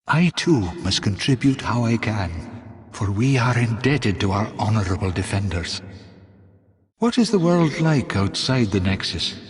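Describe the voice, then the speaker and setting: Kindly, remorseful middle-aged game storekeeper voiced by a man; slow, gentle delivery, reverberant hall sound. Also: mid-range voice, natural voice. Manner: soft-spoken, kindly, remorseful. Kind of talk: video game character dialogue.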